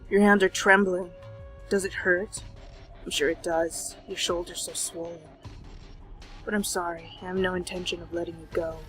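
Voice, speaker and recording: A woman voicing a possessive, obsessive young man, reading game dialogue in a soft, low, quietly intense way. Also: little pitch movement, normal speed, faint music behind, lightly acted. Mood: cold, possessive. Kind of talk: reading visual novel dialogue aloud.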